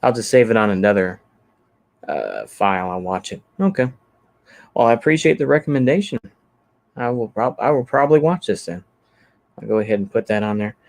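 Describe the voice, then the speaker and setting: A man's voice: lowish voice, expressive, brisk, vocal fry, long pauses. A man chatting casually on his livestream, rambling easygoing and thinking aloud with lots of fillers as he reacts to comments. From Texas. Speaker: channel host.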